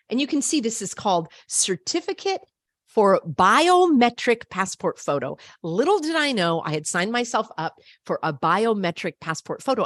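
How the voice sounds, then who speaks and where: A woman's voice: medium pitch, dry recording. An older woman telling a story to camera in an emphatic, indignant way. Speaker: vlogger.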